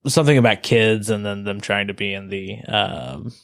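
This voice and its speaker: A man hosts a casual movie podcast in a lowish, gravelly voice. He rambles with many fillers, restarts and soft trailing asides. The recording is dry and close. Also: steady tone, normal speed, no room sound. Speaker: podcast host.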